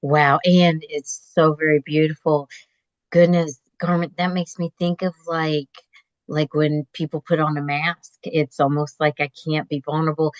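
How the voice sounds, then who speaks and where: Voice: medium pitch, flat delivery, unhurried, no echo, dull audio. A host interviewing a guest, talking in an enthusiastic, reflective way with many fillers. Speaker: host, therapist. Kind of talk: conversational interview.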